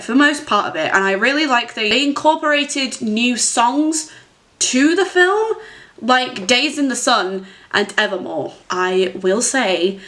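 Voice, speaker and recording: A young woman talking straight to camera in a loose, chatty vlog. Her voice sits a touch higher than most, and she rambles through her opinions with asides and giggles. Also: a bit bright. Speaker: vlogger. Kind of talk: casual film commentary vlog.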